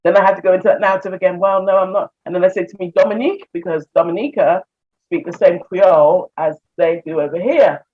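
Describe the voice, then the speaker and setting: A woman's voice: lowish voice, quick pace. A woman from England with an English accent, a counselor chatting as an interview guest, laughing often and acting out conversations. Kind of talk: casual video-call interview. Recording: muffled lo-fi audio.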